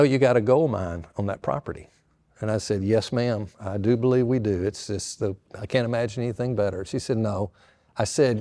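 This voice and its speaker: An older man, a pastor retelling a story with lively quoted dialogue to an audience. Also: fairly low pitch.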